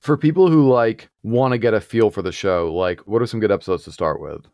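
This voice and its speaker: A man's voice: lowish voice, a little fast, darkish tone. A man interviewing podcast hosts with brief, casual questions.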